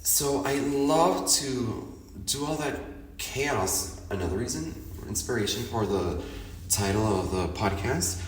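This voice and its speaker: A man's voice: medium pitch, animated, unhurried, echoey room, recorded from a distance, a little hiss or hum. A man hosting his podcast in a casual, candid monologue, chatty and frank, laughing often and swearing freely. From Chicago. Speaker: podcast host.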